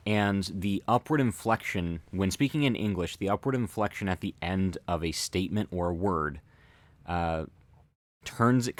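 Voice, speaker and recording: A man hosting a commentary, explaining thoughtfully in a halting way with many fillers and restarts. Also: deep voice, no room sound. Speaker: host analyzing body language.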